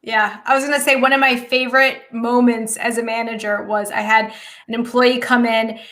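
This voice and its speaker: A woman co-host with a high, bright voice telling a story in a casual, animated way. Her delivery is lively and expressive, with a sharp edge to her tone. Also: normal speed. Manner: animated, laughs while telling stories.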